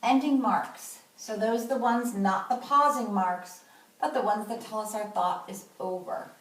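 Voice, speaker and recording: A woman teaching a kindergarten class remotely, speaking slowly and clearly. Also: mid-range voice, recorded from a distance, slight background noise. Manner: slow, clear, instructive delivery. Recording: echoey room, voice from off-mic.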